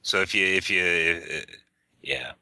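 A man's voice: sits low, measured pace, bright, forceful tone, no room sound. A man co-hosting a podcast in casual chat, joking and opinionated, laughing often. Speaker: podcast co-host.

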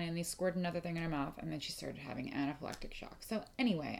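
A woman's voice: fairly low pitch, animated, a little fast, hardly any pauses. A young adult woman hosting her own podcast from home, chatting casually and emotionally, rambling with fillers and restarts. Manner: rambling, emotional, lots of fillers and self-interruptions. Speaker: podcast host. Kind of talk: casual solo podcast chat.

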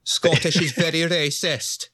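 A man's voice: fairly high pitch, steady tone, measured pace, sharp tone, husky. A man on a casual podcast, joking and teasing the others. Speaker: podcast co-host. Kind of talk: casual group chat.

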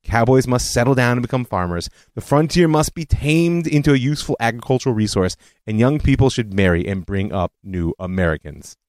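A man hosting a history podcast, telling it as a scripted lecture with animated storytelling and personal asides. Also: mid-range voice, a little fast, hardly any pauses, no room sound.

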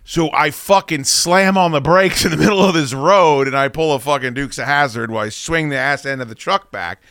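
A man hosting a podcast, telling rambling, profane anecdotes in a casual, animated way. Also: fairly high pitch, brisk, smooth, no room sound, studio quality. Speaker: podcast host. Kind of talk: casual storytelling chat.

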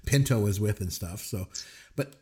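A man co-hosting a casual movie podcast, chatty and animated. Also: lowish voice, moderate pace. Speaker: podcast co-host.

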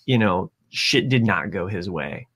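A man's voice: deep voice, expressive, measured pace, a bit bright, slightly rough. A man in casual podcast chat who acts out quoted voices. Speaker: podcast co-host.

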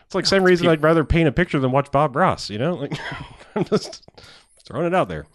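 A man casually co-hosting a podcast, telling a story with crude banter and growing more worked up as he rants. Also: fairly quick. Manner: animated ranting storyteller, pitch climbing as he gets worked up. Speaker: podcast co-host.

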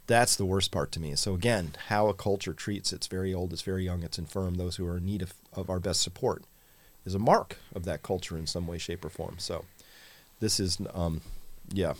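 A man's voice: deep voice, steady tone, fairly quick. A man co-hosting a casual talk show, chatting in a conversational way and reading viewer comments aloud. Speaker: podcast co-host. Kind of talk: casual chat with live audience.

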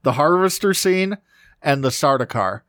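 A man's voice: fairly high pitch, expressive, normal speed, fairly bright tone, no echo, clean studio sound. A man co-hosting a podcast, talking enthusiastically about a movie, often restarting his sentences mid-thought. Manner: enthusiastic, talks with frequent restarts. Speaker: podcast co-host. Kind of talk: casual film discussion.

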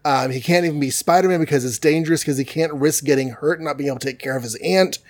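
A fast-talking podcast host with a fairly high voice recaps a comic, rambling and joking with lots of fillers along the way.

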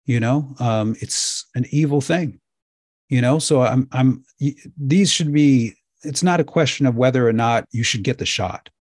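Guy ranting lecture style, keeps repeating himself, kinda hoarse, dry mic no room. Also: medium pitch, unhurried, a little mellow, no echo. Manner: emphatic, preachy, repeats himself. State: getting hoarse. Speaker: speaker addressing viewers. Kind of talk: impassioned lecture-style talk.

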